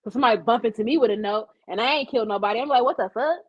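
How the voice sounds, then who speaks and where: A woman's voice: a little high, racing, highs cut off. A woman hosting a casual live-stream commentary show, blunt and profane, acting out the quotes she tells.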